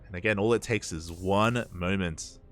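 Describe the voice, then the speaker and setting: A man's voice: sits low, normal speed, faint music behind. An Australian man casting a live esports match, chatty and loose, laughing often between play-by-play. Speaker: esports caster.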